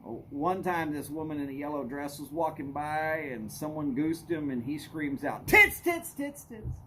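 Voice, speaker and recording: Middle-aged guy on his live stream, kinda high voice, tells rambling jokey stories, faint hiss behind. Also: steady tone, moderate pace. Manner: rambling, joking storyteller. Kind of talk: casual chat with live chat.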